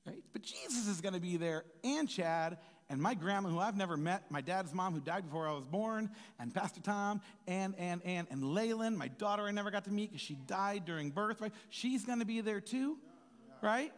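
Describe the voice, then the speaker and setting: High-voiced man preaching in a hall. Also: expressive, moderate pace. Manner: rambling, conversational, keeps asking "right?". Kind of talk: informal sermon. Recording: reverberant hall with soft music.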